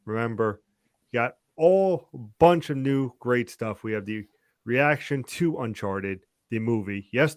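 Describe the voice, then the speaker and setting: Excitable man co-hosting a sports chat. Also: medium pitch, no echo, studio quality. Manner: excitable, animated with loud bursts. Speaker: co-host.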